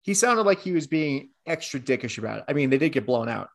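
A man's voice: mid-range voice, lively intonation, fast, gravelly. A man co-hosting a casual sports podcast, telling long, digressive stories in an easy, chatty way. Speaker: podcast co-host.

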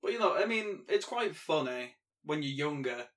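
Giggly high-voiced man. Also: lively intonation, moderate pace, a bit bright. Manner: giggly, playful. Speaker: podcast co-host. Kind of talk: casual chat.

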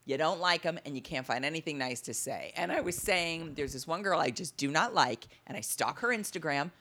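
A woman comedian recounts a gig in a casual chat, her pitch leaping around in a lively way. She mocks herself and swings from loud bursts to quiet asides. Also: fairly quick. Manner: animated, self-mocking, swings loud and quiet. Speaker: stand-up comedian telling a story.

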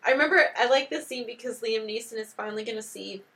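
A woman's voice: on the high side, fast, a bit bright. A young woman co-hosting a podcast, chatting casually about a movie with wry asides and frequent giggles. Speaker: podcast co-host. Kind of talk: casual chat while watching a movie.

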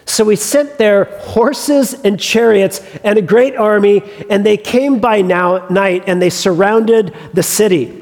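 A man's voice: sits high, slow, few pauses, a little mellow, long reverb tail. A male pastor preaching a sermon, retelling a story with humorous asides.

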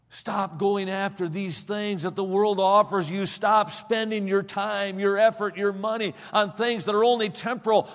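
A man preaching, telling a story dramatically, swinging between loud passages and hushed ones, recorded with a long hall reverb. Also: fairly high pitch. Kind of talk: sermon storytelling.

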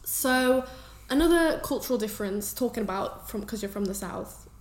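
A woman with an English accent co-hosting a podcast in casual, chatty talk, quick and quick to laugh. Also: fairly high pitch, lively intonation, echoey room. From England. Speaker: podcast co-host. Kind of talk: casual chat.

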